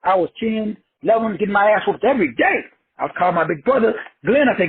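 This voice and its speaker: Husky high-voiced man preaching over a call. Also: expressive, quick pace. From Texas. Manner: emphatic, repetitive, slangy and profane. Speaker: teacher leading an online call. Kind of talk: preachy motivational teaching. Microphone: online call. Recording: phone-like lo-fi audio.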